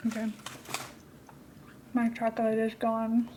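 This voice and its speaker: A woman's voice: on the high side, monotone, slow pace, mellow, a little hiss or hum. A woman streaming a building game, chatting casually and giggling as she talks to herself and her viewers.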